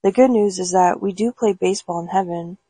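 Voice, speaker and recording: A woman's voice: on the low side, fairly quick, warm tone, slightly rough, dry recording. A woman doing a cheerful dead ballplayer. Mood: wry.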